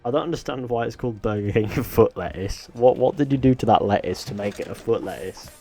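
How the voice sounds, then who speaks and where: A man's voice: medium pitch, fairly quick, warm tone, faint music behind. A man from northwest England with a Manchester accent, live-streaming a game, reading chat aloud and joking in a rambling way.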